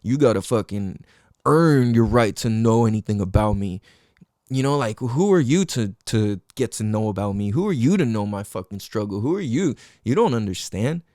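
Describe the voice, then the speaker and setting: A young man hosting a podcast, telling a personal story in a casual, animated way, full of street slang, swearing and fillers like "like" and "you know". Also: lowish voice, normal speed, dry recording, clean studio sound. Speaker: podcast host.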